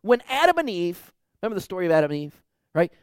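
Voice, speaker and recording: A man preaching a sermon as pastor, emphatic, swinging between loud declarations and hushed, quiet lines. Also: high-pitched, sing-song, quick pace, clear, resonant tone, no echo, studio quality.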